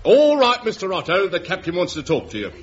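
An actor playing an earnest, matter-of-fact police sergeant in an old radio comedy. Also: male voice, high voice, huge pitch swings, brisk. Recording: dull old radio recording.

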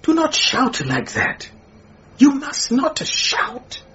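This is a gentle, timid middle-aged man in a radio play, as a performer plays him. He speaks very slowly and pleadingly, and his pitch rises and falls a lot. The recording sounds muffled. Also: huge pitch swings, a little hiss or hum, full character voice. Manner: hesitant, pleading, soft-spoken.

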